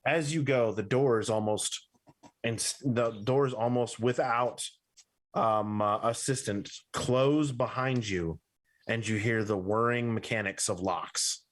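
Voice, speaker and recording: A man runs a tabletop game as its game master, narrating each scene in a voice of ordinary pitch. He rambles and corrects himself as he goes, with plenty of fillers along the way. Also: a little slow.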